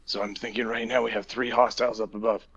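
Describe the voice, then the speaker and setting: A man's voice: lowish voice, level tone, quick pace, creaky, fairly bright tone, husky. A man playing in a tabletop game, talking hesitantly and repeating words while he plans. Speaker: player. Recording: dull lo-fi voice chat audio.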